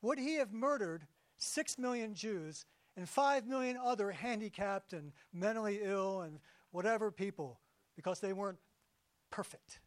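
A man giving a sermon as pastor, conversational and jokey, slowing down for emphasis. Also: high voice, expressive, no echo.

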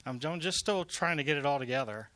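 A man working in prison ministry tells an emphatic, animated faith testimony with repeated phrases. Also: a little high, fast talker, dry recording. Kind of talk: testimony storytelling.

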